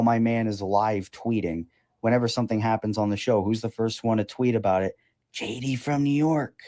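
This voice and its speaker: A young man in his twenties hosts a podcast, ranting with animated, sarcastic and profane energy. His voice sits fairly low and has a dark, mellow tone. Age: 20s. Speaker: podcast host. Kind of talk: casual ranting commentary.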